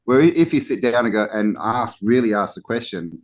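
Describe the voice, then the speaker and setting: A man in a casual podcast chat, speaking at an ordinary middle pitch. He is animated and theatrical, slipping into little mock voices, and he stumbles over restarts and fillers as he goes. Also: brisk. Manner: animated, acts out mock quotes, many "you know" restarts. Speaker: podcast co-host. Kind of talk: casual conversational talk.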